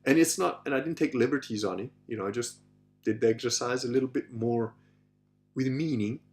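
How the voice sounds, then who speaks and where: A man at a medium pitch spins a long anecdote as the podcast's host. He talks loosely and casually, with the odd curse. He acts out other people's lines as he goes. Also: brisk, faint music behind. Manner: animated, swears casually, acts out quoted voices.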